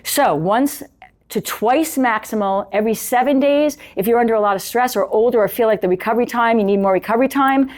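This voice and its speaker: A middle-aged woman coaching fitness in a loose, conversational way, with a voice pitched a little above most women's. She talks while working out on an exercise bike and keeps checking in with the viewer. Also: brisk, darkish tone. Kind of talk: casual instructional talk while demonstrating on an exercise bike.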